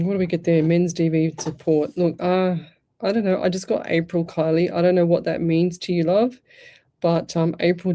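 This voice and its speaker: A woman's voice: fairly low pitch, mellow. A middle-aged Australian woman hosting a live psychic radio show, chatting casually, rambling and restarting her sentences, her throat sore. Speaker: psychic medium radio host.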